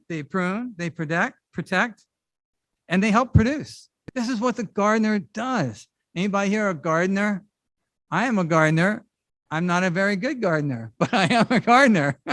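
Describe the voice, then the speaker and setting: Middle-aged male pastor, high-pitched and conversational, animated sermon delivery, dry recording. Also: dry recording. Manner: conversational and animated, with casual asides. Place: church service.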